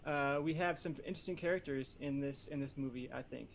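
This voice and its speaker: A man pitching a movie idea on a comedy podcast, rambling and joking with many fillers. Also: brisk, gravelly, slight background noise. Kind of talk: casual comedic podcast chat.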